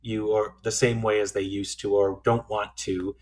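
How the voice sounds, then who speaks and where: A man co-hosting a podcast, talking through a film in a thoughtful, halting way, often restarting his sentences. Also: lowish voice, little pitch movement, a little mellow. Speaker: podcast co-host. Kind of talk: casual film discussion.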